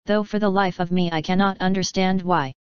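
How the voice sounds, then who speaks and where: A woman voicing a kindly storybook ladybird, a gentle lady bug with a quietly amused way of talking. The voice is very smooth and a touch low, on a dry, slightly dull recording. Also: steady tone, a little fast, no echo, close to an everyday voice.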